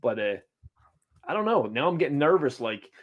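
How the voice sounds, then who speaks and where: A man co-hosting a casual podcast, telling a story in a halting way with many restarts. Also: mid-range voice, big pitch swings, phone-quality sound. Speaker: podcast co-host.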